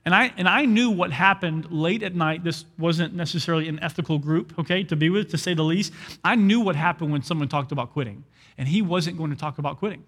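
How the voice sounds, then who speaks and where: A young adult man preaching a sermon as a pastor, telling an animated story and acting out quoted dialogue. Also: on the high side, brisk, breathy edge, big-room sound.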